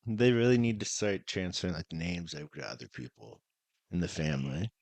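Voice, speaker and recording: Lively-pitched young man joking around. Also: a little fast, creaky. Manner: joking, sarcastic banter. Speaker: podcast co-host. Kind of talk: casual chat.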